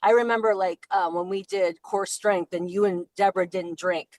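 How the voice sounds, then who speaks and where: A woman's voice: mid-range voice, steady tone, moderate pace, darkish tone, no echo. A woman talking with a coach over a remote call, rambling and hesitant, often cutting herself off. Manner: rambling, hesitant, self-interrupting. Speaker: caller being coached. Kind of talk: casual talk.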